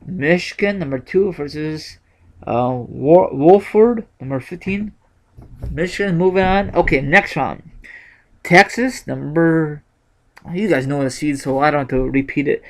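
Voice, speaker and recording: Slow-talking man musing through his picks. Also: fairly high pitch. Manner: unhurried, thinking aloud with many fillers and self-corrections. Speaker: YouTuber sharing bracket picks. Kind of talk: casual unscripted vlog.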